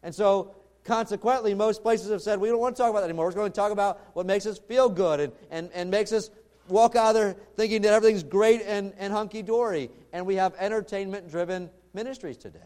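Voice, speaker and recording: High-voiced man preaching conversationally. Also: steady tone, fast talker, a little mellow. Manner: conversational storytelling preaching with restarts. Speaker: pastor. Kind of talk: sermon.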